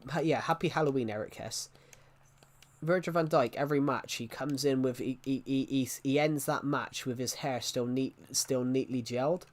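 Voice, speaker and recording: A man's voice: mid-range voice, normal speed. A young man streaming live, chatting casually to viewers in a rambling, opinionated way and answering chat comments. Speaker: gaming livestreamer.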